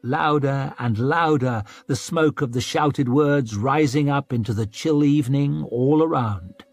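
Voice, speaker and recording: A man reading a fantasy audiobook in a slow, measured, dramatic way. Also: medium pitch, a little mellow, no echo, faint music behind. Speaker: audiobook narrator. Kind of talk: scripted audiobook narration.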